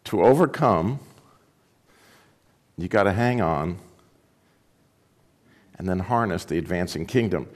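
A pastor giving a sermon, reading a story aloud with reflective, storytelling delivery. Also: male voice, sits low, animated, slow, long pauses.

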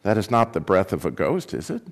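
A man voicing a huge unseen creature with a deep, calm, patient voice, speaking slowly and gently. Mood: calm gentle.

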